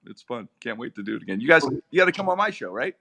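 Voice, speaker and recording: A middle-aged man, a radio personality, telling comic stories in a lively, animated way. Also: racing, creaky, a crowd in the background. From Pittsburgh area, USA. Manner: lively, comic, with big swings in pitch. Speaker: radio personality and podcast host, guest. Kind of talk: animated storytelling.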